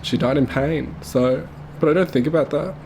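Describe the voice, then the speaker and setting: A man's voice: a little high, creaky, background noise. Tearful young man telling a loss. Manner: halting, full of fillers and restarts. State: tearful, voice breaking. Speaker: vlogger telling his mother's story. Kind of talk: personal storytelling to camera.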